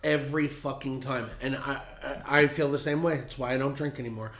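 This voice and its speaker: Bright-voiced, profane podcast storyteller. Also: male voice, medium pitch, steady tone, a little fast, reverberant. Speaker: podcast host. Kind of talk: casual podcast chat.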